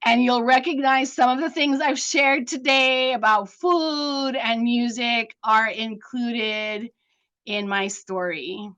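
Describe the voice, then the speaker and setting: A woman's voice: fairly high pitch, slow pace, a bit bright. A grandmother presenting to an online group over a video call, laughing often and mixing Spanish sayings into her talk. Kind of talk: online talk with a poem reading.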